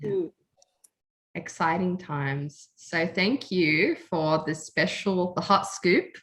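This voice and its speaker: A woman's voice: fairly low pitch, takes it slowly, fairly bright tone. A woman hosting a podcast, chatting casually and effusively, often laughing and emotional. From Australia. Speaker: podcast host. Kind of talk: casual chat.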